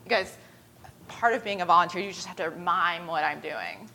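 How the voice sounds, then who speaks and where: A woman's voice: fairly low pitch, moderate pace, bright, forceful tone, slight background noise. A woman preacher leading a skit with volunteers, talking in a chatty, self-deprecating storytelling way. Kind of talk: casual storytelling sermon.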